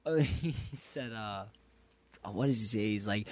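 A man co-hosting a casual chat, animated and laughing, swearing often and going high when worked up. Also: unhurried, no echo.

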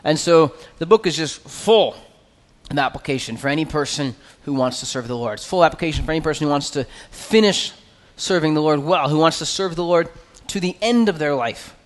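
A man preaching an expository sermon as pastor, earnest and conversational, with quick asides. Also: fairly high pitch, big-room sound.

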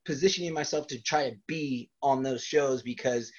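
A man's voice: mid-range voice, moderate pace. Man telling stories on a dull lo-fi recording. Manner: rambling, laughs often between stories. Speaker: wrestler guest. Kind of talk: casual storytelling interview.

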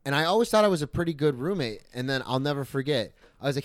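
A young man chatting casually on a podcast, spinning a story with plenty of swearing and loud acted-out quotes. His voice sits mid-range and is recorded close and dry, with no room sound. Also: medium pitch, lively intonation, fast, hardly any pauses, no echo. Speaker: podcast co-host. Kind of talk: casual chat.

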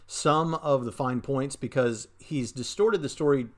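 A man hosting casual commentary on a clip he has just played. He argues earnestly and thinks aloud in a steady mid-range voice. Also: mid-range voice, measured pace. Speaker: host.

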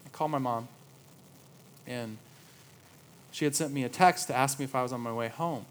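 A man in his thirties preaching a sermon, moving between quiet reverent passages and lively storytelling. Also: mid-range voice, moderate pace, rough recording. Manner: storytelling, swings from hushed awe to lively anecdote. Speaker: pastor.

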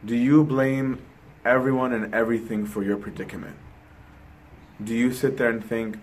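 A man's voice: mid-range voice, steady tone, moderate pace, rough recording. A man delivering a sermon in an easy, conversational tone with a mid-range voice. He poses questions to the listener and keeps checking in with "right?". A faint hum of noise sits under the recording. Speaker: preacher.

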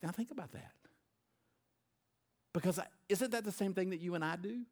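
Pastor guy preaching on a stage mic, bit higher voice, goes big and loud then drops way down quiet. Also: normal speed. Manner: dynamic preaching, swinging between loud emphatic bursts and quiet intense delivery. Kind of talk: sermon.

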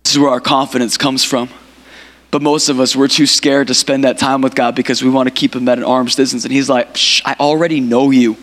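A man's voice: mid-range voice, level tone, brisk, a bit bright. A male pastor preaching a sermon, building up through emphatic repeated phrases and calling on the congregation to respond. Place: church. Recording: hall reverb.

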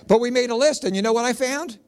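This very high-voiced middle-aged Pennsylvanian performs stand-up as a comedian and preacher. He spins animated stories punctuated by punchy jokes.

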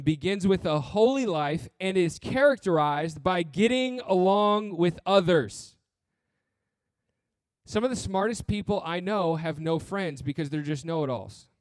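A man's voice: fairly high pitch, darkish tone, dry recording, clean studio sound. A man preaching a sermon as pastor, earnest and blunt, with touches of humor and repeated phrases.

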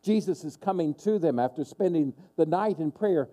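A man's voice: on the high side, lively intonation, normal speed, dark tone. A man preaching a sermon as pastor, emphatic and repeating his key questions for stress.

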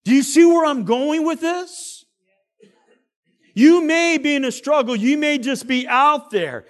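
High-voiced, slow-preaching male pastor. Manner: dramatic, swings between loud emphasis and quiet asides. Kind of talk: sermon.

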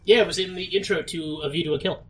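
A man's voice: high voice, steady tone, fast talker, a bit bright, a little hiss or hum. A man co-hosting a podcast in casual chat, making joking, wry asides, heard from some distance from the mic. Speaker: podcast co-host.

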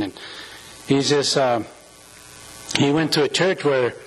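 A man giving an informal sermon in a church, speaking earnestly and emotionally, close to tears, with many halting restarts and fillers. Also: medium pitch, poor audio. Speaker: church member preaching. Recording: mains hum under the voice.

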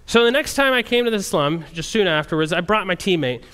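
A man who works as a missionary, telling a story to a group in an animated way and often restarting his sentences. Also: sits high, fairly quick, smooth. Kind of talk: storytelling testimony talk.

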